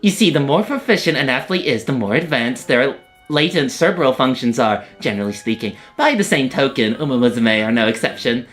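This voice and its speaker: A streamer voicing an eccentric, excitable female scientist horse girl, lecturing in a theatrical way while reading a game story. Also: mid-range voice, fairly quick, faint music behind, lightly acted. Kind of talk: game story read-along.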